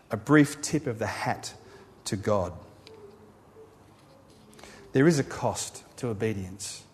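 A man with a notably high voice delivers a sermon. He builds emphatic runs of phrases, then drops to a quiet, low close. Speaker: pastor.

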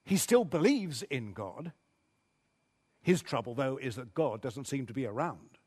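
A man's voice: medium pitch, animated, unhurried, darkish tone, breathy edge. A man preaching a sermon, reading scripture aloud with dramatic intensity.

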